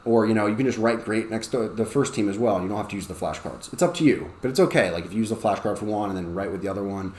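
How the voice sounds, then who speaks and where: A man's voice: fairly low pitch, fast, few pauses, a little mellow. Casual man explaining a lesson, roomy sound. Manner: conversational, checks in with frequent "okay?". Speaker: ESL teacher. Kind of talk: explaining a lesson plan to teachers. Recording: roomy with faint background noise.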